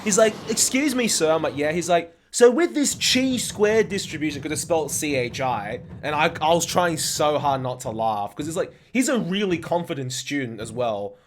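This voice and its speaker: A man's voice: fairly high pitch, lively intonation, moderate pace, hardly any pauses, slight background noise. Young Aussie guy chatting while gaming. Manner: swears often, rambling anecdotes with fillers. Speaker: speedrunner streaming and chatting. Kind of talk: casual live-stream chat while playing.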